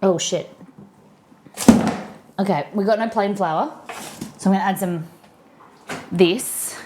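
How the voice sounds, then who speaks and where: A woman hosts a live cooking stream, chatting casually with viewers, answering chat, and reading a recipe aloud as she works in the kitchen. Her mid-range voice moves at a measured pace over a noisy background, picked up by a streaming mic.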